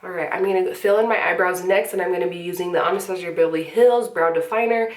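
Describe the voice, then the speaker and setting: A woman's voice: fairly low pitch, fast, recorded from a distance. A young woman chatting casually through a makeup tutorial, with sniffles from a cold. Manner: chatty, relaxed, filler-heavy. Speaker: beauty vlogger. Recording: echoey room, slightly off-mic.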